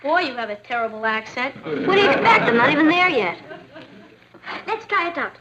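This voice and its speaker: A woman's voice: sits high, big pitch swings, a little fast, over a noisy crowd. An actress playing a bubbly, chatty teenage girl in a 1960s sitcom. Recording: dull old TV audio with music.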